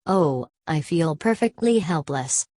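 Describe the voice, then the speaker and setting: A man's voice: fairly high pitch, expressive, slow, a little mellow, dry recording. A woman reading an audiobook, voicing a tipsy, giggling young man who squeals and hiccups. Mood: tipsy, gushing.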